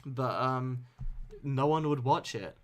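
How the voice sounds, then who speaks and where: A man's voice: medium pitch, takes it slowly. A man hosting a game stream and chatting casually with a friend, laughing often. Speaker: streamer host.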